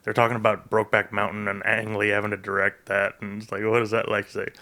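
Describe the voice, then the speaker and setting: A man's voice: lowish voice, monotone, fast, pushed and bright. A man co-hosting a podcast in casual chat, rambling and crude in his jokes. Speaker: podcast co-host.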